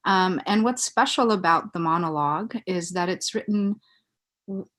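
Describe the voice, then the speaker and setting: A playwright woman introducing her monologue on stage, halting with many ums. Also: fairly low pitch, fairly bright tone.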